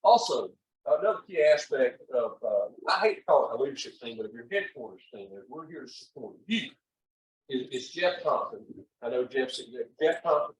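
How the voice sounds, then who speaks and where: A man's voice: medium pitch, lively intonation, normal speed. A man in his seventies leading a training session as chaplain leader, talking in a rambling, folksy way full of uh's to an audience in a meeting room. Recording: echoey room, from far off.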